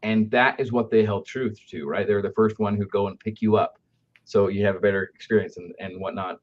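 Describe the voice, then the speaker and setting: A man from an aftercare company tells customer service stories in a conversational, anecdotal style, repeatedly asking "right?" to check in with the listener. His lowish voice is steady and brisk, and the lo-fi audio sounds dull.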